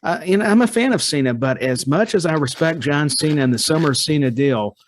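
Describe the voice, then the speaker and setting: A man's voice: fairly high pitch, lively intonation, a little hiss or hum. A man guesting on a podcast, chatting with enthusiasm. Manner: enthusiastic, talks in quick lists. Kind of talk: casual podcast chat.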